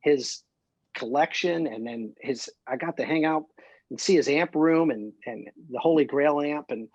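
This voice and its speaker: Male guest, slightly high voice, dry close sound, rambling excited storyteller. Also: unhurried, husky, dry recording, highs cut off. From Columbus, Ohio. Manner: rambling, excitable anecdotes with many fillers. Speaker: guest musician. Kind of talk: casual interview storytelling.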